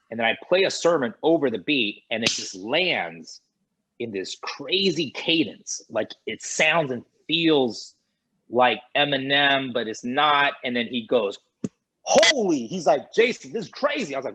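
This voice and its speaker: A man guest on a podcast, telling a lively anecdote and acting out the dialogue of others. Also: mid-range voice, measured pace, a little hiss or hum, low-quality recording. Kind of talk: animated storytelling in conversation.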